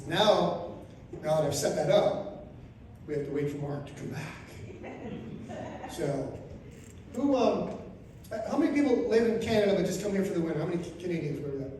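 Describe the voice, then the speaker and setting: Loud animated comic in his fifties. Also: sits high, moderate pace, pauses often, a little hiss or hum. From Florida. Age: 50s. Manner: animated, loud outbursts, crude storytelling. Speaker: stand-up comedian. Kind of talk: stand-up comedy set. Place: RV resort event room, live audience. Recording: very echoey room, voice from far off.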